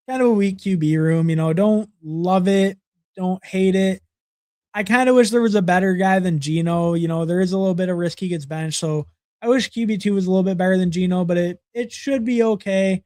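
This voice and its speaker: A man's voice: high-pitched, warm tone, dry recording, clean studio sound. A young man hosting a livestream, casually reviewing fantasy football draft picks and rambling with lots of fillers and repeated words.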